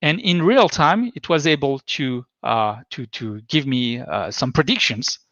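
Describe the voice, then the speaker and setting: A man presenting a tech talk at a middle pitch, working through his points in a hesitant, stop-start way. The sound is slightly muffled and lo-fi, and it is dry, with no room echo at all. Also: animated, measured pace, fairly bright tone.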